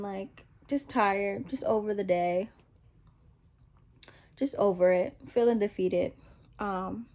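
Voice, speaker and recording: A woman's voice: medium pitch, warm tone. A woman telling a personal faith testimony in a casual, rambling way, repeating herself and poking fun at herself. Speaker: vlogger sharing a faith testimony.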